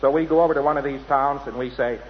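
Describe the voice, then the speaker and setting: A man's voice: mid-range voice, steady tone, very fast. A man giving a rambling, anecdotal lecture to an audience, often mimicking other people's voices. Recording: dull lo-fi hall recording with hiss.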